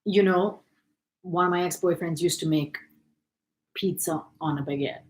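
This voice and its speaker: A young woman co-hosting a stream, chatty and animated, telling funny stories and laughing easily. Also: fairly low pitch, normal speed. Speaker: co-host. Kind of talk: casual chat.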